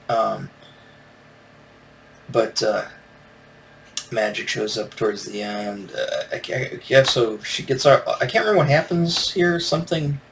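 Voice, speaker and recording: A man's voice: mid-range voice, takes it slowly, creaky, pauses often, a bit bright. A man hosting a solo comics review podcast, talking casually and rambling, with lots of fillers and restarts. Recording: distant from the mic with faint noise.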